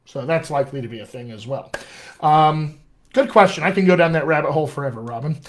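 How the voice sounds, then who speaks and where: Brief: American man, dialect coach, upbeat live Q&A, voice on the high side. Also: fast. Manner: chatty, enthusiastic, reads out viewer questions. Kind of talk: live-stream Q&A lesson.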